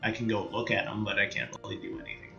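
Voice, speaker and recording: A man's voice: on the low side, steady tone, fast, gravelly, echoey room, lo-fi sound, music in the background. A man with a Canadian accent commentating on his strategy game in a casual, rambling way, full of fillers and half-finished thoughts. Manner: thinks aloud, many fillers and trailing-off sentences. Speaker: let's play streamer.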